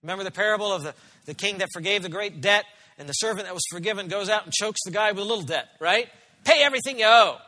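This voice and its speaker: A man's voice: high voice, steady tone, rapid-fire, bright, forceful tone, long reverb tail. A man preaching a sermon as pastor, earnest and emphatic, often asking his listeners questions.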